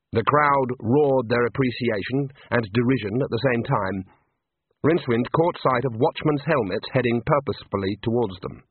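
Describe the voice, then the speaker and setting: A man's voice: medium pitch, normal speed, breathy edge. A man reading a comic novel aloud in a dry, wry storytelling manner. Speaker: audiobook narrator. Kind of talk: scripted narration. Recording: tinny phone-like lo-fi audio.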